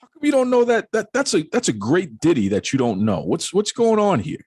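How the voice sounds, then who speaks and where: A man's voice: sits high, wildly swooping pitch, brisk, darkish tone, husky, dry recording. Joking podcast host guy, voice bounces all over, dead dry sound. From Boston area. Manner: jokey, teasing, laughs often. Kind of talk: casual podcast chat.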